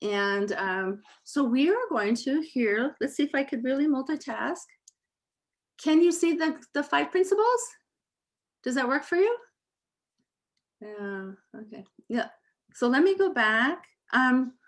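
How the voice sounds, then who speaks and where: Soft-spoken woman on a video call leading a reiki meditation, kinda high voice, slow and halting with lots of ums. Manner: gentle, halting, many fillers; slow, calm recitation.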